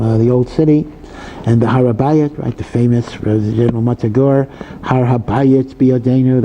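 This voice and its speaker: A male rabbi teaches in a very dark, mellow voice, talking casually with frequent asides and restarts. There is a faint hiss behind him. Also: medium pitch, lo-fi sound. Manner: conversational, many asides and repetitions. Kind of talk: Torah lecture.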